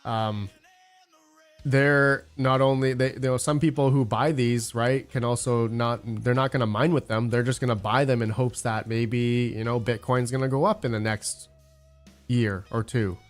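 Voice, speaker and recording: A man's voice: mid-range voice, steady tone, moderate pace, soft background music. A man casually chatting on a livestream about crypto mining, rambling and searching for words, with frequent fillers and answers to chat messages. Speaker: crypto mining channel host.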